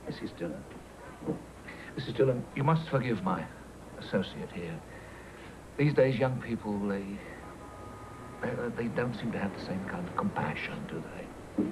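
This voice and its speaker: Actor playing a soft-spoken English detective. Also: male voice, lively intonation, natural voice. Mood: coaxing. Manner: soft-spoken, measured, low threat. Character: cool English detective, quietly menacing. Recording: noisy old videotape broadcast.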